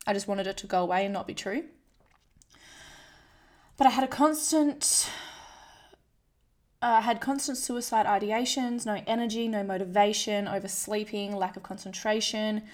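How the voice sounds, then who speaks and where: A woman's voice: mid-range voice, normal speed. A woman talks straight to the listener in a candid personal monologue. She is frank and self-deprecating. She often slips into quoting her own inner voice. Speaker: vlogger sharing a personal story.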